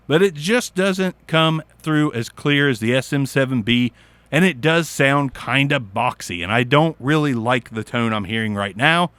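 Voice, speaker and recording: A man with a Southern US accent casually reviewing a microphone in his small home studio, goofy, swearing and cracking crude jokes, with sudden loud outbursts. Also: mid-range voice, no room sound. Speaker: mic reviewer.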